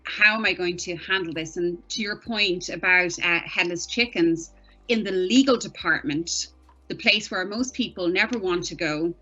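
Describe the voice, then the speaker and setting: Bright-voiced woman, dull lo-fi audio. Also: on the low side, normal speed, faint music behind. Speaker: guest, privacy lawyer. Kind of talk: conversational interview answers.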